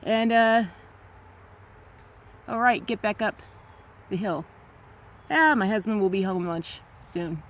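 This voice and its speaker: Out on a grassy hill, an American woman vlogs into a small camera at a slow pace with long pauses. Her medium-pitched voice carries a loose, casual monologue full of "like" and restarts.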